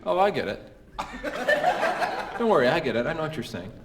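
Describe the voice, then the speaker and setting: A man's voice: a little high, sing-song, brisk. A man doing live stand-up comedy, mock-earnest and silly, slipping into goofy voices. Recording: echoey live hall recording with audience noise.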